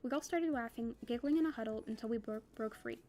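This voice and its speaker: A young woman reading a novel aloud for a book club, quick and casual, with chatty asides. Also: on the high side, dark tone.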